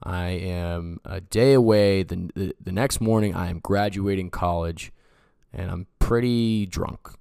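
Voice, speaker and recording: A man's voice: sits low, a little slow, vocal fry, a little mellow, clear, resonant tone, no echo, clean studio sound. A man in his twenties, a podcast host, telling a personal story in a loose, rambling way, full of "like" and "you know". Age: 20s. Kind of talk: casual storytelling.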